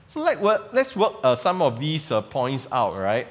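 Male pastor, chatty preaching with many questions to the room, slightly high voice, echoing sanctuary. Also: sing-song, normal speed, few pauses, fairly bright tone. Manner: conversational preaching with fillers and rhetorical questions. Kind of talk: sermon. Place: church sanctuary. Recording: long reverb of a church hall.

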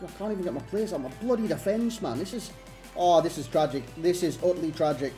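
A man's voice: on the high side, fast talker, warm tone, soft background music. A man, commentating his own video game match in exasperated, self-mocking rants. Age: 30s. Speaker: gaming YouTuber. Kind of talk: live gameplay commentary.

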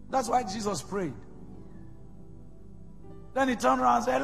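A man with a Nigerian accent preaching a sermon, swinging between loud shouts and soft whispers. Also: very high voice, a little slow, vocal fry, long pauses. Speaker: pastor. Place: large church hall. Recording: reverberant hall with faint music.

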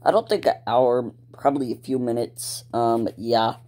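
A man's voice: medium pitch, moderate pace, mellow. A male YouTuber talking casually to his viewers, rambling with lots of ums, restarts and laid-back slang. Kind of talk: casual talk to camera.

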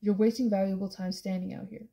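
Woman voicing an impatient male leader giving orders, dark tone. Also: medium pitch, little pitch movement, vocal fry, close to an everyday voice. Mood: exasperated. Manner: brisk, impatient. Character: exasperated older male leader.

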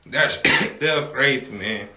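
A man hosting a livestream, talking casually to his viewers in a loud, rambling, profane way and often shouting. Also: mid-range voice, roomy sound.

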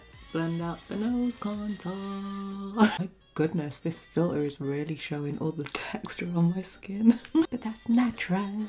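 A woman's voice: medium pitch, expressive, slow. A young woman chatting casually while doing her makeup, giggling often and telling corny jokes. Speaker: beauty vlogger. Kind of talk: casual makeup challenge chat. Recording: soft music behind.

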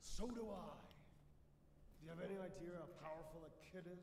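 An actor playing a brash, manipulative male villain who mocks and suddenly shouts. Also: a little high, fairly quick, gravelly. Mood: taunting. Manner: mocking, swings into shouting. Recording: distant roomy game audio with noise.

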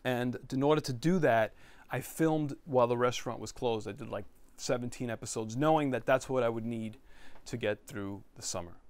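A man's voice: mid-range voice, normal speed, dry recording. A middle-aged man, a chef, telling stories to a live audience in a bookstore in a chatty, rambling way with many restarts and asides. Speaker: chef giving a talk at a bookstore. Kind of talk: storytelling talk to a live audience.

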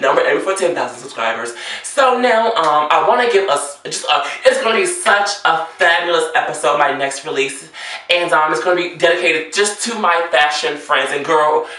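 A man's voice: a little high, lively intonation, normal speed, sharp tone. A man vlogging about fashion and customer service in a dramatic, flamboyant rant, calling viewers girl and honey. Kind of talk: sassy ranting monologue to viewers. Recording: echoey room, distant from mic.

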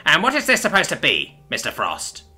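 A man's voice: a little high, huge pitch swings, brisk, sharp tone, slightly rough, soft background music, pitched above the performer's own voice, exaggerated voice. A man voicing a strict, petty, rooster-like alien school prefect in a storybook reading. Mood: officious. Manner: stern, officious.

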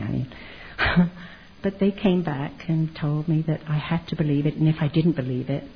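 A woman's voice: sits low, slightly rough. An older woman giving a chatty, humorous personal testimony about her life. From Canada. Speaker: testimony speaker. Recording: dull lo-fi recording.

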